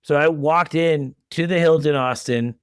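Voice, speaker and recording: A man's voice: on the high side, moderate pace, clean tone, dry recording, studio quality. A man in his thirties hosting a podcast, telling stories in a chatty way and acting out the quotes. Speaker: podcast host. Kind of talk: casual interview chat.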